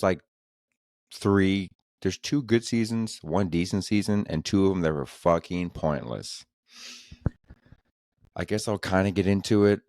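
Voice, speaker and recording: A man with an extremely deep, low voice hosts a solo podcast, rambling loosely from one thought to the next and peppering his talk with crude jokes and swearing. The sound is close and dry, with no room echo. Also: darkish tone. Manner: rambling, profane, joking. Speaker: podcast host.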